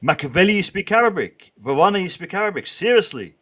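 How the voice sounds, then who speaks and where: A man hosting a casual live stream, bantering with the chat in a lively way and often restarting his sentences. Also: high voice, fast. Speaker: livestream host.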